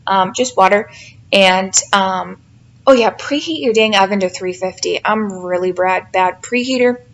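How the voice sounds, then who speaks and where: A woman's voice: mid-range voice, unhurried, dull audio. A woman in her thirties, a mother doing a casual, rambling cooking voice-over, self-deprecating and sleepy. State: tired, yawning. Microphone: home voice-over mic.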